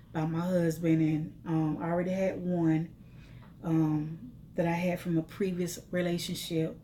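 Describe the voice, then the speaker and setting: A woman's voice: on the low side, dark tone, slight background noise. A middle-aged woman telling her life story to viewers in an emotional, testifying, repetitive way.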